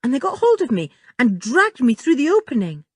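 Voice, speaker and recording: A woman's voice: high-pitched, huge pitch swings, a little fast, a little mellow, breathy edge, no echo, clean studio sound, voice pushed up, heavily acted. A woman reading an audiobook, voicing a plucky young boy with an injured ankle who tells his story earnestly.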